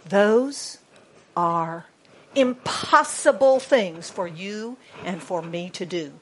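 An American woman preaching a sermon in a playful way, spelling words out letter by letter and dropping to a hushed voice for emphasis. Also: medium pitch, slow pace, slightly rough. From United States.

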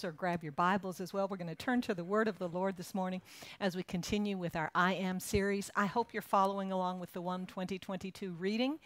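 A woman's voice: lowish voice, no echo. A woman pastor preaching a sermon in a conversational way, with easy asides to the congregation.

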